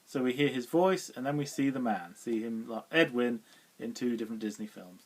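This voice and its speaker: A man's voice: medium pitch, a little fast. A middle-aged man giving a casual spoken film review, rambling and chatty with frequent asides and small laughs.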